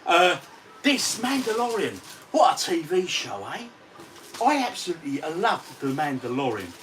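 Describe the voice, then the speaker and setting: A man's voice: a little high, big pitch swings, normal speed, fairly bright tone. A man, chatting casually on a livestream from his home games room and reading out viewer comments in a matey way. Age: 40s. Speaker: retro gaming vlogger. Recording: distant mic with faint ambient noise.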